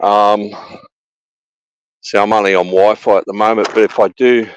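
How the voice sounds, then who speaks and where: A man's voice: on the low side, flat delivery, moderate pace, slight background noise, rough recording. Rambling, profane Australian man. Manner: rambling, profane, repeats himself. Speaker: livestream guest. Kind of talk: casual chat.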